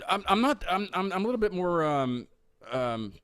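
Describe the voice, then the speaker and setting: A man's voice: sits high, very animated, normal speed, fairly bright tone, smooth, no room sound, clean studio sound. A man with a Southern US accent hosting a casual live-stream interview, rambling and stammering over repeated words. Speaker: host of a live music show.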